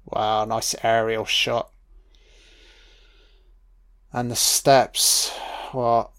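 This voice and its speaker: A man's voice: lowish voice, flat delivery, drawn-out words, pauses often, a bit bright. A man giving a casual film commentary, musing aloud with plenty of swearing and fillers.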